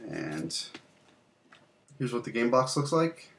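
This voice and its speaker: A man's voice: mid-range voice, very animated, slow pace, creaky, fairly bright tone, a little hiss or hum. A young man hosting a casual video, showing off games from his collection in a loose, rambling way with fillers and some mild swearing. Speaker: channel host. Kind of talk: casual game collection show-and-tell.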